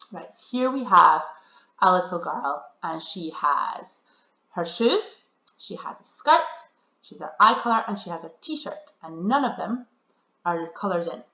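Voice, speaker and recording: Narrating a recorded slideshow lesson for kids, a female teacher sounds cheerful and encouraging, going slowly and emphasizing the key words. She has a lowish, bright voice with a forceful tone, and the audio is reverberant with its highs cut off.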